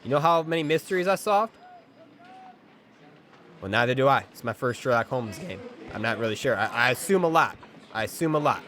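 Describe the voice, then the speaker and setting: An excitable male game streamer who jokes with his chat while he plays. His voice sits at a middle pitch, and his reactions jump high when something surprises him. Faint ambient noise hums behind him. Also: fairly quick, long pauses. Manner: excitable, jokey, talks to chat. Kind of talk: casual live gameplay commentary.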